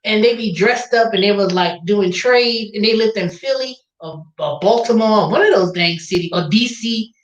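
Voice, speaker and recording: A woman's voice: medium pitch, normal speed, few pauses. A woman hosting a casual chat, telling stories about her phone sales calls and acting out callers in quoted voices. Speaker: podcast host. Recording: roomy, dull lo-fi sound.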